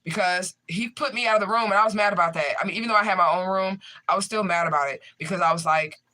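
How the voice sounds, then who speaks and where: A man's voice: high-pitched, quick pace, bright, forceful tone. A man, a tarot reader, chatting casually and profanely to his livestream viewers.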